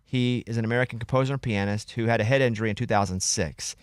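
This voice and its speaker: A man's voice: medium pitch, fast, no echo, studio quality. Argumentative male radio host. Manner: argumentative, leads the discussion. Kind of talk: casual studio banter. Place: radio studio.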